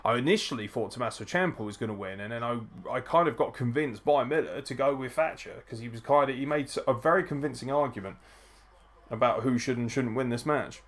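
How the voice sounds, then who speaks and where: A wrestling podcast host runs a live watchalong, tipsy from drinking, reacting and greeting viewers while swearing constantly. His medium-pitched voice is fairly quick and fairly bright.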